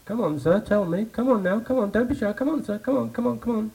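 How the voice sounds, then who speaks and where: A man's voice: medium pitch, slow pace, warm tone, far from the mic, low-quality recording. A man playing a chatty, jovial pub visitor. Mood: coaxing. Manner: jovial, coaxing and talkative. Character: hearty male visitor to a village pub, eager and chatty.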